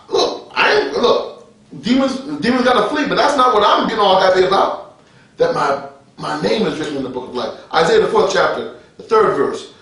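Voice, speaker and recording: A man's voice: high-pitched, lively intonation, moderate pace, fairly bright tone, far from the mic. A man preaching an informal radio sermon, colloquial and street-talking, chuckling often and restarting his sentences. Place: his office. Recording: very echoey room, speaker off-mic.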